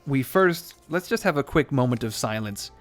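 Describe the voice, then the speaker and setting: With faint music in the background, a man gives casual commentary on a strategy game for a let's play. His medium-pitched voice is expressive and his speed normal, and he rambles along sarcastically, joking and cursing.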